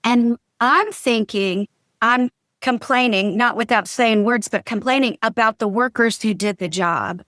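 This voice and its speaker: Woman telling lively stories. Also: on the high side, a little slow, no room sound, studio quality. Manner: animated storyteller acting out quotes. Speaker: podcast guest, marriage coach. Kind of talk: casual storytelling chat.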